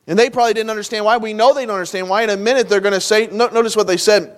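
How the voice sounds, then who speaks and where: A man preaching a sermon in a folksy, conversational way, moving between loud emphatic lines and soft low asides. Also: rapid-fire, few pauses. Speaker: pastor.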